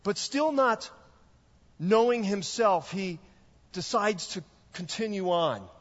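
A male pastor preaching a sermon, telling a story in a measured way. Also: high voice, expressive. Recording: echoey hall, dull lo-fi sound.

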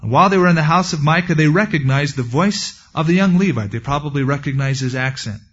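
A man's voice: fairly high pitch, animated, quick pace, a bit bright, slightly rough. A man preaching a verse-by-verse sermon as a pastor, in a conversational way with folksy asides. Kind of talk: expository sermon. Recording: dull lo-fi recording.

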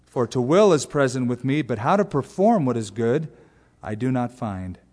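A man preaching an expository sermon as pastor, animated and acting out little voices. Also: medium pitch, normal speed, long reverb tail. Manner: animated, acts out voices and exaggerated asides. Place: large church sanctuary.

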